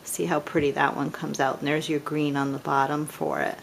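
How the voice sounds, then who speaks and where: A woman's voice: deep voice, little pitch movement, brisk, vocal fry, slight background noise. A middle-aged woman casually demonstrating papercraft dies, chatty and self-deprecating as she admires each piece.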